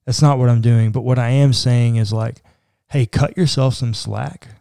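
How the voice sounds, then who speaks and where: A man's voice: mid-range voice, steady tone, moderate pace, gravelly, dark tone, clean tone, dry recording, clean studio sound. A man, a pastor, talking earnestly in a podcast discussion, with a casual, conversational manner. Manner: earnest, conversational, says "like" often.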